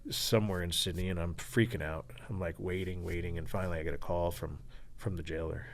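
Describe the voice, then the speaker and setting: A man, a guest on a podcast, telling a story in an animated, rushing way, swearing freely and acting out the voices of people he quotes. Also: low-pitched. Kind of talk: storytelling in an interview.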